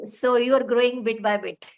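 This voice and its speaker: A woman's voice: fairly high pitch, fairly even intonation, moderate pace, a little mellow, low-quality recording. A woman with an Indian English accent interviews her guest in a slightly raised voice. She asks long, earnest questions that wind through several thoughts before landing. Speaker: interviewer and host. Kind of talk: online interview.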